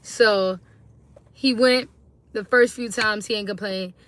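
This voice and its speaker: A woman's voice: mid-range voice, fairly even intonation, takes it slowly, fairly bright tone. A tired woman talking casually to viewers on a phone live stream, chatty and slangy, greeting them again and again. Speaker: livestreaming mom.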